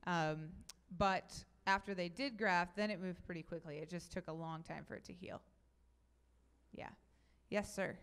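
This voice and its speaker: A young woman giving a talk at a youth event, telling stories in a chatty, animated way and taking audience questions. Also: fairly low pitch, moderate pace, smooth. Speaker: speaker.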